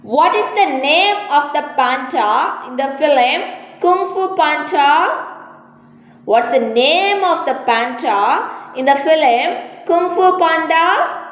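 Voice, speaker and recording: A woman's voice: high voice, lively intonation, takes it slowly, highs cut off. A woman teacher, giving a lesson to young children, repeating each question and spelling the answers letter by letter. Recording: echoey room with long reverb.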